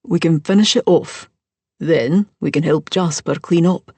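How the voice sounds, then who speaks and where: A woman reading a calm, practical man. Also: fairly high pitch, unhurried, dry recording. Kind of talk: audiobook character voice.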